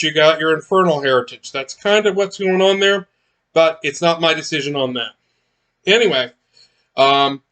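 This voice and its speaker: A man's voice: a little high, fairly bright tone. A man chatting casually as he unboxes miniatures, rambling with many fillers and restarts. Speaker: miniatures collector unboxing blind boxes.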